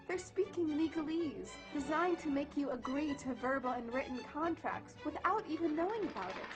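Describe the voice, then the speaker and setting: A woman's voice: high voice, low-quality recording. A woman reading a scripted narration in a mocking, sing-song way. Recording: music bed behind voice.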